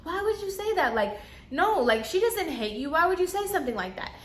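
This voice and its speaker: Woman doing a high, soothing young coworker. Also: very animated, brisk. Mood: consoling. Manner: gentle, consoling, high. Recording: echoey room.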